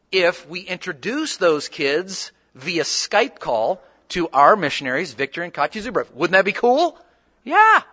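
A male pastor preaching to his church with a high, bright, forceful voice. He tells stories and acts out the dialogue as he goes. The recording is dull and lo-fi. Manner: animated storytelling, acting out dialogue. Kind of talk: sermon.

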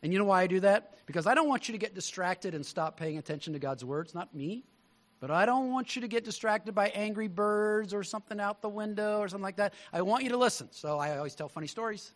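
A male pastor delivers a sermon through stories, swinging lively between loud emphasis and hushed tones. He has a high voice and talks fast.

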